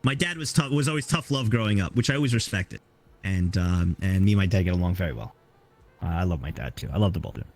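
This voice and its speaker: A man's voice: low-pitched, lively intonation, fast talker. A young man who is a guest on an interview stream, telling stories in a rambling, casual way. He repeats himself often and restarts his sentences as he goes along.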